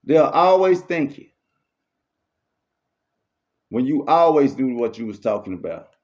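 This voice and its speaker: A man's voice: medium pitch, sing-song, measured pace, darkish tone. A man giving a faith-based motivational monologue, repetitive and preachy, full of street slang. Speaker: motivational speaker. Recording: muffled lo-fi recording.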